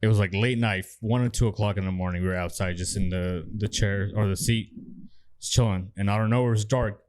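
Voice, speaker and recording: A man's voice: on the low side, steady tone, brisk, a little hiss or hum. A man on a podcast, telling a story in a laid-back, plain way. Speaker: podcast co-host. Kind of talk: casual storytelling chat.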